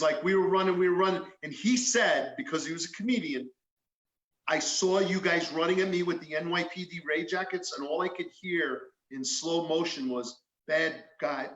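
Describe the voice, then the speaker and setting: Bright-voiced storytelling ex-detective man. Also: on the high side, reverberant, poor audio. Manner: animated storyteller who acts out quotes and swears freely. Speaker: guest, former police detective. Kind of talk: storytelling in a casual podcast chat.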